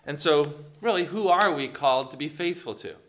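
A man's voice: on the high side, moderate pace, a bit bright, a little hiss or hum. A man preaching a sermon, asking the congregation questions and acting out quotes along the way. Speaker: pastor.

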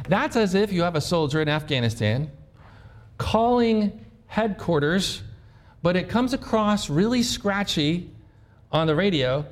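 A male pastor preaching a conversational sermon, asking the congregation questions and acting out sample prayers. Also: high-pitched. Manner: acts out sample prayers in his own voice.

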